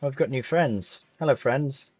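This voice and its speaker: A man's voice: medium pitch, moderate pace, darkish tone, slightly rough, dry recording, soft background music. A man, live-streaming a farming game and chatting casually with viewers as he plays. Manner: chatty, reads chat aloud, British slang.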